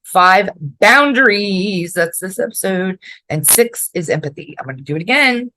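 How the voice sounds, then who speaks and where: A woman's voice: medium pitch, lively intonation, moderate pace, sharp tone, slight background noise, low-quality recording. A woman from Florida with a mix of New York and Southern accent, hosting a casual advice podcast in a blunt, direct way and swearing freely. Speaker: podcast host.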